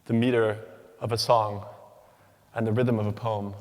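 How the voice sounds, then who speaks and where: Low-voiced young man lecturing in a hall. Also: level tone, darkish tone. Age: young adult. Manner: measured, rhythmic delivery with lists and pauses. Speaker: PhD candidate giving a symposium talk. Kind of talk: prepared academic lecture. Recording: long reverb of a large hall.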